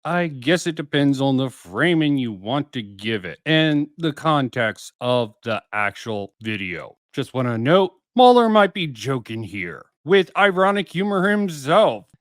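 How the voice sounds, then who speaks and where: A man reacting to clips and talking through his take in a musing, questioning way. His pitch moves a lot as he thinks aloud. The mic is close and dry, with no room sound. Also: sing-song, unhurried, hardly any pauses, dry recording. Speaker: commentary video host. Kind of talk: reaction commentary over clips.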